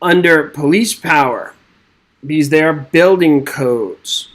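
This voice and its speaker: A real estate exam instructor leads a live exam-prep webinar, reading quiz questions aloud and joking with the chat in an upbeat way. His voice is on the high side and fairly bright, he takes it slowly, and the recording is rough.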